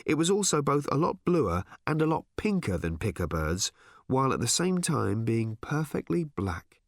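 A man reading an audiobook with expressive, wry storytelling. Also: mid-range voice, moderate pace, creaky, dry recording, clean studio sound. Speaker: audiobook narrator. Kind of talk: scripted narration.

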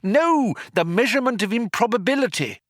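A man's voice: wildly swooping pitch, moderate pace, bright, forceful tone, dry recording, clean studio sound, full character voice. A man voicing a flustered, bewildered Englishman. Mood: alarmed. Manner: high-pitched, exasperated.

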